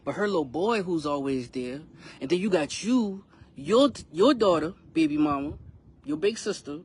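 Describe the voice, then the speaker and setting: A man's voice: on the high side, lively intonation, normal speed, breathy edge. Emphatic man telling his story. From South Carolina, US. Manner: emphatic, conversational, frustrated retelling with slang. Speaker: rapper. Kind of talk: storytelling vlog addressed to his son.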